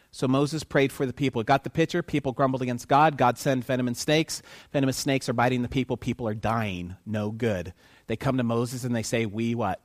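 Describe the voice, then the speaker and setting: A man preaching a sermon who keeps asking his listeners questions and pauses for their answers, swinging from quiet to loud for emphasis. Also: mid-range voice, dry recording, studio quality.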